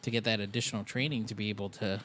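A man's voice: on the low side, steady tone, racing, a bit bright, a little hiss or hum. A man hosting a podcast in casual chat, laid-back and laughing often. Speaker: podcast host.

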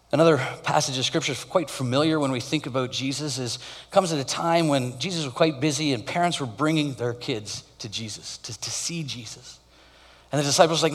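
A male pastor giving a conversational sermon with animated storytelling. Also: mid-range voice, in a large hall.

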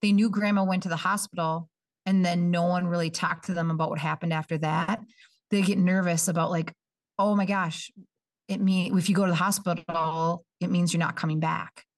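A woman working in early childhood education, chatting casually on a podcast and acting out parents and kids in quick quoted voices. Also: on the low side, steady tone, distant mic. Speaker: early childhood coordinator, guest.

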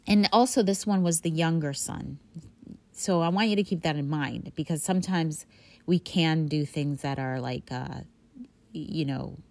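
A woman with a low voice teaches a Bible story in a loose, chatty way. She rambles and fills her talk with fillers, in a dry, close recording. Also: a little mellow, no echo. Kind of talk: casual retelling of a Bible story.

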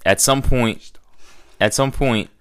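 A man's voice: medium pitch, slow pace. A man on a podcast telling a rambling story in casual chat, swearing now and then. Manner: rambling anecdote teller, swears.

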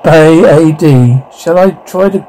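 A man's voice: a little high, slow, mellow, a little hiss or hum, poor audio. An actor playing a hapless, dim-witted rustic farmer who mumbles and stumbles over his words to himself. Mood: muttering. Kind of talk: film acting.

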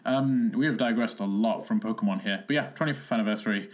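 A man's voice: fairly low pitch, quick pace. A young man, co-hosting a podcast in a casual, rambling chat full of fillers and laughs. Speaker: podcast co-host.

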